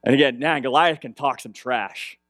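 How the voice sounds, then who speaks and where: A man's voice: mid-range voice, moderate pace, a bit bright, no room sound, clean studio sound. A young man preaching a conversational sermon, retelling a story and checking in with "right?" again and again. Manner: conversational, repeats "right?" often. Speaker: pastor.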